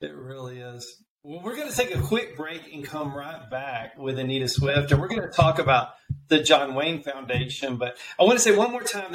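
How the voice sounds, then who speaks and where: A man's voice: on the high side, fairly bright tone, rough recording. A man hosting a radio talk show, reacting enthusiastically to his guest and reading a promo before a break.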